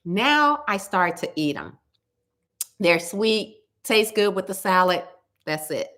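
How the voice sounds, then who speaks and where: A woman's voice: mid-range voice, big pitch swings, slow, a bit bright. A woman chatting casually and emphatically to her viewers about food. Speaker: cooking vlogger.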